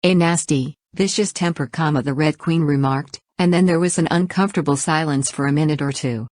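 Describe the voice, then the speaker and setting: A woman's voice: sits low, fairly quick, a little mellow, no room sound, studio quality. A woman narrating a children's audiobook who reads each punctuation mark aloud.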